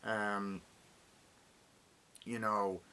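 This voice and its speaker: Young man, bright tense voice, swearing freely. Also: lowish voice, flat delivery, drawn-out words, slight background noise. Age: 20s. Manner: profane, rambling, acts out lines from the film. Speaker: movie reviewer. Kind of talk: casual spoken film review.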